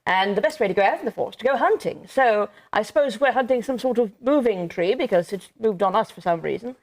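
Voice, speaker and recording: A woman's voice: medium pitch, lively intonation, fast, darkish tone. Woman doing a posh english toff, jolly old slang, accent kinda wobbly, tabletop game. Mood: breezy. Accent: put-on upper-class English, unsteady. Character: foppish upper-class young English gentleman. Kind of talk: tabletop role-play.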